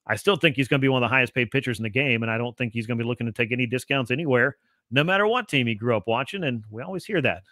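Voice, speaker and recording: A man appearing as a podcast guest, giving long, fluent explanations in relaxed conversation. His voice is bright and forceful, though his pitch is average. The recording is dry and has no room sound. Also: very fast, dry recording. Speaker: guest analyst. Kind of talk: casual sports podcast talk.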